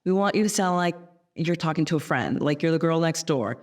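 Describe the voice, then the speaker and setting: A woman's voice: low voice, expressive, fairly quick, darkish tone. A woman voice actor, a guest, chatting easily during a haircut, laughing often and adding "you know what I mean". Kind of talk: casual chat. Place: hair salon, getting a haircut.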